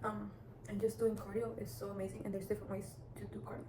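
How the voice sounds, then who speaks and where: A woman's voice: mid-range voice, level tone, fast. A teenage girl vlogging casual self-improvement advice, rambling and chatty with lots of restarts. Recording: echoey room with clear background noise.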